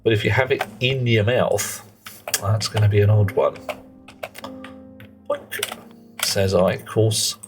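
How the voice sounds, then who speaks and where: A man's voice: on the low side, moderate pace, faint music behind. A middle-aged man chatting and rambling in casual commentary while he plays a game on a live stream. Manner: rambling, chatty, muttering to himself while playing.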